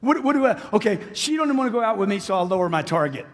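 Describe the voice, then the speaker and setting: Brief: middle-aged male sales trainer, high-pitched and punchy, repeats lines for effect, long hall reverb. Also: big pitch swings, quick pace. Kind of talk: live seminar talk. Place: large hall with a live audience.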